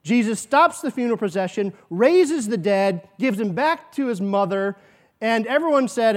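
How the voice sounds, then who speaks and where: A man with a high voice preaches a sermon to his congregation. He speaks earnestly, poses rhetorical questions and acts out quoted asides. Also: animated, normal speed. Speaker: pastor.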